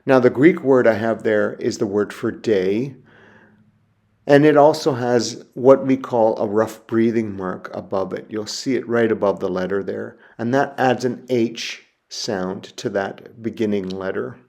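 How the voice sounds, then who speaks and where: A man teaching a recorded lecture in a somewhat low voice. He speaks very slowly and methodically, pausing to sound out and repeat each example word. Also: steady tone, creaky, a little mellow. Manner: slow, methodical, spelling sounds out and repeating words.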